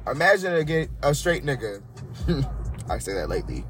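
A man co-hosting a podcast, talking in animated, profane, playful casual chat. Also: medium pitch, normal speed, slight background noise. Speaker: podcast co-host.

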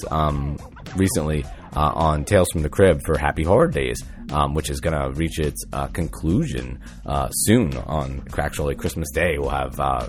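A man co-hosting a podcast, chatting casually in a laid-back, rambling way with lots of fillers. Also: rumbling low. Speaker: podcast co-host. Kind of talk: casual chat.

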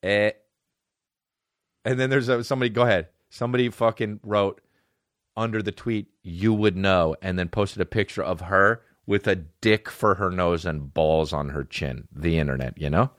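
A man's voice: deep voice, moderate pace, fairly bright tone, dry recording, studio quality. A man hosting a comedy podcast, ranting casually in a profane, rambling way and slipping into made-up dialogue. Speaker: podcast host.

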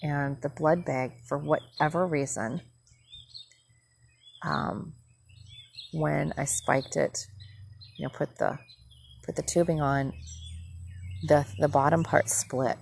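A woman's voice: low voice, fairly even intonation, takes it slowly, gravelly, long pauses, darkish tone, slight background noise. A middle-aged woman and former nurse, from the northern US, telling a story in a rambling, indignant monologue that keeps correcting itself. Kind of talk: casual monologue.

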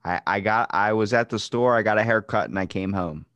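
A man playing a young male suspect who answers a cop in a flat, deadpan way in a joking improvised scene. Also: on the low side, a little fast, no echo, lightly acted.

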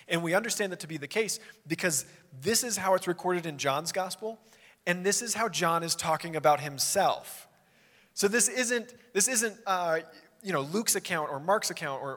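A man's voice: on the high side, a bit bright. A young adult male pastor preaching a sermon in a casual, conversational way, acting out quotes as he tells the story. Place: church sanctuary. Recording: long hall reverb.

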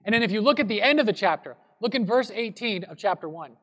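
A man with a high voice preaches a sermon, retelling a story in an easygoing, conversational manner. His voice carries a long reverb from a large church hall. He talks like a pastor chatting with his congregation rather than orating. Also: expressive, fast talker, a bit bright.

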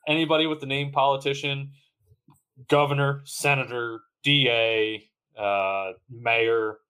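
A man's voice: mid-range voice, flat delivery, measured pace, pushed and bright, clean tone. Laid-back chatty male podcast host. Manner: laughs often, swears, restarts sentences. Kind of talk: casual chat.

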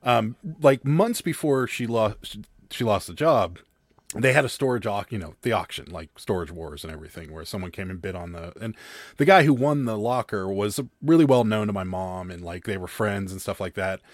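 A man with a lowish voice tells his story in a loose, rambling way, restarting his sentences as he goes. The recording is dry and close. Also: lively intonation, moderate pace, no room sound. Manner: rambling, restarts while telling stories. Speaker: guest. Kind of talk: casual chat, storytelling.

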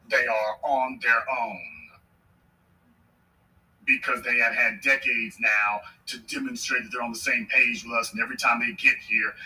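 A man's voice: mid-range voice, bright, forceful tone, far from the mic, poor audio. Emphatic man delivering a political monologue. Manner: emphatic, repeats his points for effect. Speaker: podcast host.

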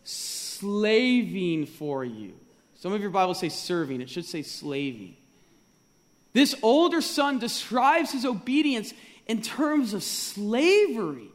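High, lively male preacher in a reverberant hall. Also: unhurried. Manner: rhetorical questions, emphatic repetition. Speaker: pastor. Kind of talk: sermon. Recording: long reverb of a large hall.

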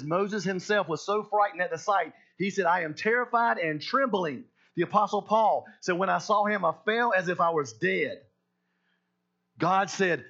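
Emphatic preaching man, slightly high voice. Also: dull audio. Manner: emphatic preaching that swings between hushed and loud. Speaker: pastor. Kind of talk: sermon.

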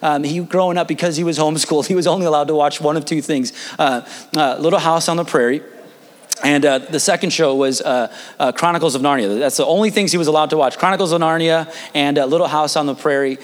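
A man's voice: a little high, fairly even intonation, fast talker, long reverb tail. A young man in his twenties, a pastor telling a personal story in a casual, rambling sermon with frequent restarts.

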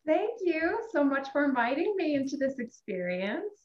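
A woman's voice: high-pitched, sing-song, moderate pace, highs cut off. A woman guest telling a personal story in an earnest, reflective way.

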